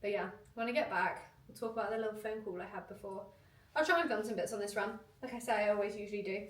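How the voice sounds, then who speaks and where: A woman's voice: medium pitch, fairly even intonation, recorded from a distance. Woman, young, stuffy cold voice, casual vlog, wry and chatty, sometimes off-mic. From United Kingdom. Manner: chatty, self-mocking, quick asides. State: nasal from a cold. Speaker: vlogger. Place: home bedroom. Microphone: handheld camera.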